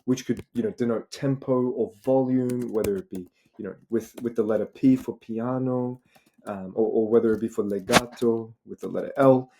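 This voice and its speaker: Young Australian male tutor, middle pitch, rhetorical and chatty, noisy take with typing behind. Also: steady tone, normal speed, mellow. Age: young adult. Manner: rhetorical, repeats "right?" and "you know". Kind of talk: informal explanatory lesson. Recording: noisy recording with keyboard clicks.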